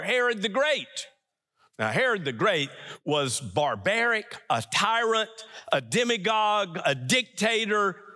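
A man preaching a sermon as pastor in a church, emphatic, swinging between loud stresses and hushed lines. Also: high-pitched, big-room sound.

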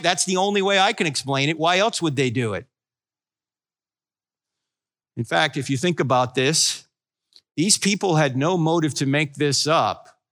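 A Christian apologetics speaker in his sixties from New Jersey gives a humorous talk on faith to a live audience. His high-pitched voice sounds pushed and bright as he tells stories, wisecracks, and acts out quoted voices.

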